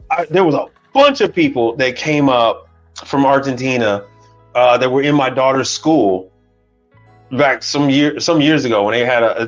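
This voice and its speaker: A man's voice: fairly high pitch, highs cut off. A middle-aged man hosting a livestream, talking bluntly with lots of cursing and arguing back at his chat. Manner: blunt, profane, argumentative, talks back to chat. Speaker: livestream host. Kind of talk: casual livestream rant. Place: Houston, Texas.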